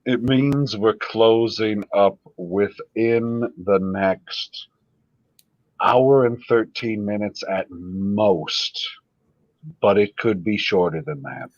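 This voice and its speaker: A man's voice: fairly low pitch, dry recording, lo-fi sound. A man hosting a casual livestream, talking loosely and swearing often. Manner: loose, swearing, quick laughs. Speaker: livestream host. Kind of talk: casual profane chat.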